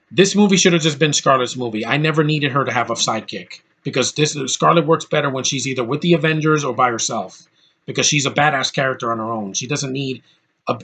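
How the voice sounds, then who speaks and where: A man's voice: medium pitch, pushed and bright, breathy edge. A man giving a blunt, ranting movie review in casual speech, with lots of fillers and restarts. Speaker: film reviewer.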